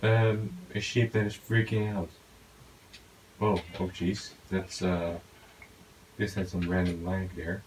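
Gaming channel host, man, very low voice, chatty self-talk commentary, faint hiss behind. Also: slow pace, pauses often, low-quality recording. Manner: talks to himself, excitable outbursts. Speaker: gaming YouTuber. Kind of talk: casual gameplay commentary.

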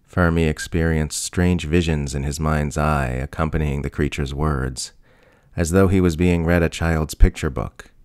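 A man narrating a short story in a measured, even manner. His voice is extremely deep, and the recording is dry, close and free of room sound. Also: clean tone, no room sound. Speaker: audiobook reader.

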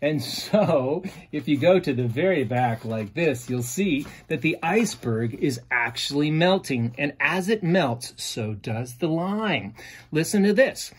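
A poet man teaches a playful lesson from home, his voice sitting a little higher than most men's. He chants beats aloud with animated energy. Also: slow, far from the mic.

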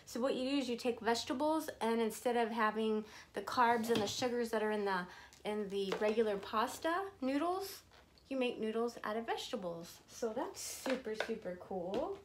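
A woman's voice: on the high side, animated, normal speed, background noise. A woman in her fifties unboxing gifts on a vlog, gushing and laughing often as she talks. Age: 50s. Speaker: vlogger. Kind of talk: casual unboxing chat.

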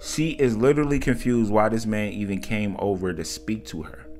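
A man narrating a casual story in a conversational, slangy, animated way. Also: lowish voice, moderate pace, faint music behind.

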